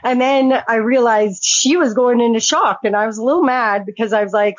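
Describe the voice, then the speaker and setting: A woman's voice: fairly high pitch, fairly quick, hardly any pauses, no echo. A woman recounting a personal story as a guest, speaking frankly and swearing freely. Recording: dull, dry lo-fi sound.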